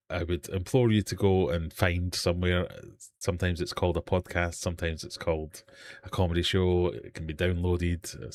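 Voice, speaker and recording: Deep-voiced man rambling on a stream. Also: a little hiss or hum. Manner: rambling, self-deprecating, laughs at himself. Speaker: host of a live fishkeeping hangout stream. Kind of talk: casual live-stream chat and quiz. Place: home fish room.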